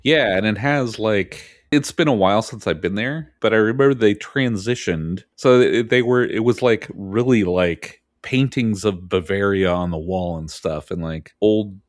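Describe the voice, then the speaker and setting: A man's voice: lowish voice, normal speed, few pauses, no echo, studio quality. A man co-hosting a podcast, chatting casually, telling stories with lots of laughter and playful voices. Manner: animated storyteller, laughs often, breaks into silly voices. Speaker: podcast co-host. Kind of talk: casual chat.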